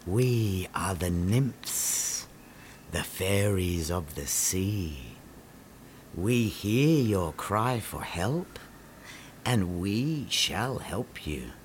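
A man's voice: deep voice, expressive, very slow, slight background noise, voice pushed down, exaggerated voice. A man voicing solemn sea fairies. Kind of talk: storybook voice acting.

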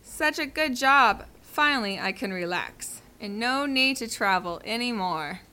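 Cartoon: woman as a jumpy manservant, high and bright, slow delivery. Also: expressive, clear, resonant tone. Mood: relieved. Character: eager, excitable male servant.

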